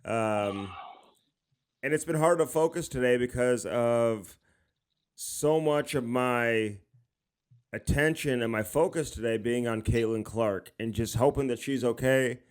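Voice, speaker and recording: A man's voice: mid-range voice, expressive, a little slow. A man co-hosting a podcast from his home studio, rambling in a joking, mock-serious way. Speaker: podcast co-host. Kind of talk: casual podcast chat.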